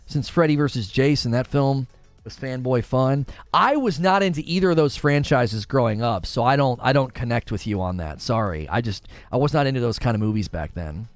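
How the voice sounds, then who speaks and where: Stream host, man, mid-pitched and talkative, dry close mic with faint music under it. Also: dry recording. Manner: chatty, reads viewer comments aloud quickly. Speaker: gaming livestream host. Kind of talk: casual livestream chat with viewers.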